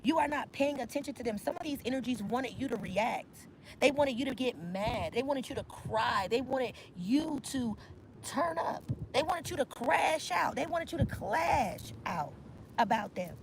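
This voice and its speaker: A woman's voice: high-pitched, expressive, normal speed, crowd noise. A woman giving a casual tarot reading outdoors, talking in an emphatic, slangy, repetitive way. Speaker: tarot reader. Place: outdoors in nature.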